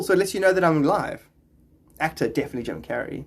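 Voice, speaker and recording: A man's voice: a little high, expressive, quick pace, gravelly, breathy edge. A man chatting on a live stream, reading viewers' comments and rambling into spiritual musings.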